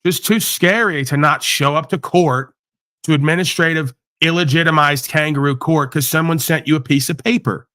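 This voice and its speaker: A man's voice: a little high, moderate pace, bright, forceful tone, dry recording, studio quality. A man hosting a livestream, delivering a profane, combative, preachy rant. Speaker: livestream host. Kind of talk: ranting monologue.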